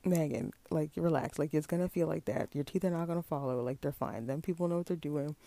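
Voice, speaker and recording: A woman's voice: sits low, a little fast, gravelly, warm tone. A woman voicing her no-nonsense middle-aged mother, firmly scolding and reassuring.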